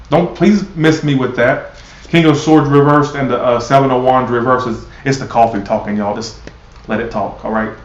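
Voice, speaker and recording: Blunt, profane tarot-reading man. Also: mid-range voice. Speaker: tarot reader. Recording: roomy, dull lo-fi sound.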